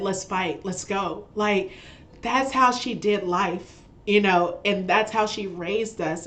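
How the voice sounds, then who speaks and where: A woman's voice: mid-range voice, fairly bright tone. A woman speaking as a guest on a podcast, pouring out a heartfelt personal story. She laughs often between phrases and keeps restarting words as she reflects. Her talk is loose and conversational. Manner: frequent laughter while talking; repeats and restarts words, stumbling over phrases. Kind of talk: conversational interview.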